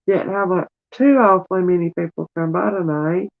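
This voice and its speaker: A woman's voice: fairly low pitch, steady tone, moderate pace, vocal fry, slight background noise. A middle-aged woman chatting on a live stream, tearful and calling viewers honey. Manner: warm, calls viewers honey and sweetie. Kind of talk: casual live-stream chat. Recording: tinny phone-like sound.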